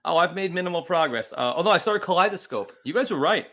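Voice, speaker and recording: A man's voice: sits high, animated, quick pace, pushed and bright. A man co-hosting a casual comedy podcast with wry, offhand jokes. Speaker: podcast co-host.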